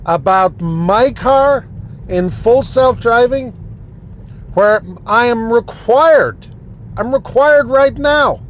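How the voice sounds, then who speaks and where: A man's voice: high voice, lo-fi sound, slight background noise. A man talking to camera from his own car, indignant and emphatic, repeating himself for effect. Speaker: vlogger.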